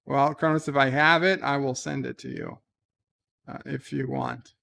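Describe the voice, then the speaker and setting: A man hosting a casual livestream from home, reading viewer messages aloud and answering them with animated emphasis. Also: mid-range voice, normal speed, gravelly. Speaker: livestream host reading chat. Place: home, talking from bed.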